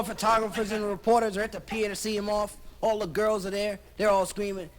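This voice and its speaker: A man's voice: high-pitched, little pitch movement, quick pace, hardly any pauses. A man doing stand-up comedy, telling a story and switching animatedly between voices, on a crackly vinyl live album.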